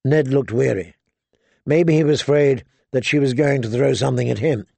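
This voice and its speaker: A man narrating a fantasy novel aloud at a measured, even pace. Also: mid-range voice, gravelly, breathy edge, no echo. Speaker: audiobook narrator.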